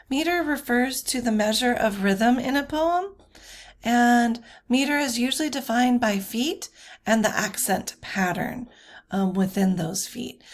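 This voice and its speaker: A woman teaching a recorded slide lecture, talking slowly with many fillers and self-corrections. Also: a little high.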